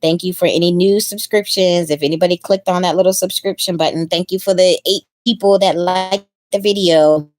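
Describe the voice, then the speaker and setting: A woman's voice: fairly low pitch, fairly even intonation, a little fast, hardly any pauses, darkish tone, no room sound. A woman hosting a casual livestream, chatting to viewers, repeating her thanks and laughing often. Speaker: livestream host.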